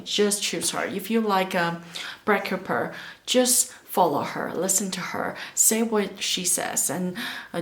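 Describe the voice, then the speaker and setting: Expressive woman, second-language English speaker. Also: on the low side, reverberant. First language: not English. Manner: expressive, emphatic, searching for words with fillers. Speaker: English-learning vlogger. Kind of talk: casual talk to camera giving tips.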